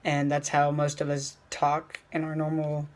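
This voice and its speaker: A young man talking casually in a vlog, rambling with fillers and slowing down to stress his points. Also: fairly high pitch, completely flat delivery. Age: young adult. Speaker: vlogger. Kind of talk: casual motivational vlog talk.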